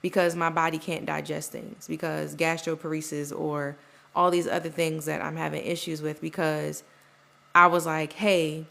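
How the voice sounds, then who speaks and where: Young female podcast host, low and gravelly, loose rambling delivery that slips into quoted voices. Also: level tone, moderate pace, sharp tone. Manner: rambling, full of "like" and "you know", acts out quoted voices. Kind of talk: casual personal monologue.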